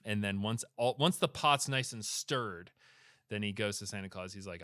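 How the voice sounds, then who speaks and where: A young man recapping a film plot on a casual podcast, animated and irreverent, jumping into brief impressions of the characters. His voice is bright and forward. The sound is dry and close to the mic. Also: on the low side, no room sound. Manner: animated storytelling, swearing, acting out characters in quick impressions. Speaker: podcast co-host. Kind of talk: casual comedic movie recap.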